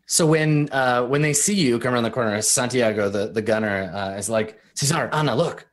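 A man's voice: medium pitch, fairly even intonation. Guy running a tabletop game, lots of um and like, loose stop-start narration. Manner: halting, filler-heavy narration. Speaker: game master.

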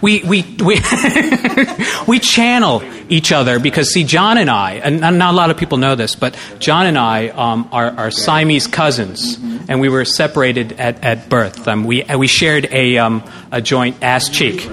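A man's voice: medium pitch, expressive, a little slow, sharp tone. A man guesting on a podcast in casual chat, riffing absurd jokes with stammering restarts. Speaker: podcast guest, co-host of his own show.

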